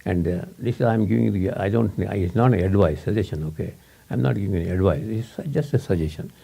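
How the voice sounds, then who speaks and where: A man's voice: deep voice, brisk, creaky, dark tone, breathy edge. A man giving a rambling, informal talk to a small audience, repeating words and laughing often.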